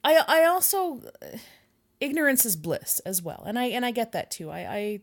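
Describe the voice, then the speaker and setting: A woman's voice: a little high, sing-song, moderate pace. A woman co-hosting a podcast in casual chat, laughing often and restarting or trailing off mid-thought. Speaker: podcast co-host.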